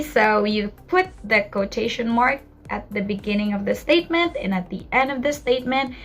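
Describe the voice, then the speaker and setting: A woman's voice: mid-range voice, fairly bright tone. A young woman from the Philippines teaching an English lesson, explaining patiently with spoken examples.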